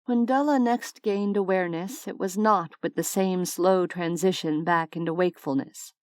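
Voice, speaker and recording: A woman's voice: lowish voice, moderate pace, darkish tone, dry recording. Woman narrating an audiobook, dry. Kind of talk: scripted narration.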